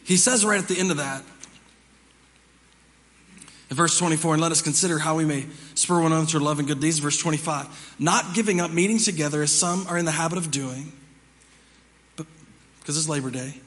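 A man's voice: on the high side, a little fast, pauses often, fairly bright tone. Male pastor, conversational sermon, repeats lines for emphasis; reverberant church hall. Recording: reverberant hall with music behind.

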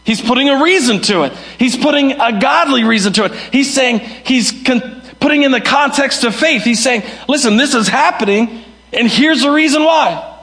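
A pastor preaches a sermon at a moderate pace, swinging from sudden high shouts to soft, low asides. He also performs the voices of the people he quotes.

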